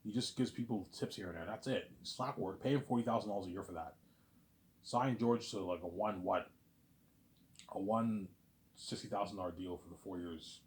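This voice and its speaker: A man's voice: sits low, normal speed, darkish tone. A man ranting casually in a rambling, repetitive way, swearing often and saying "man" a lot. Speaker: vlogger.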